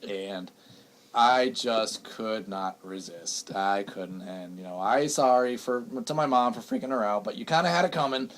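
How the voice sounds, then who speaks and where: A man's voice: fairly low pitch, a little slow. A young man co-hosting a small radio show, telling stories animatedly and laughing often. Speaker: radio co-host. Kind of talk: casual radio banter.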